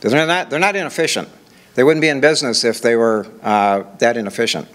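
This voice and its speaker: A man's voice: mid-range voice, a little fast, a bit bright. An older man from Minnesota giving a conversational conference presentation, walking through examples with rhetorical questions. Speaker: conference speaker.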